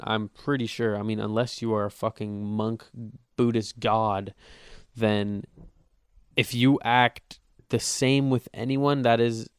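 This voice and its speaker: A man's voice: lowish voice, smooth, no room sound, clean studio sound. A young man hosting his own podcast, rambling casually and swearing, joking at his own expense. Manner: rambling, profane, self-mocking. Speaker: podcast host. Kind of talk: casual solo podcast monologue.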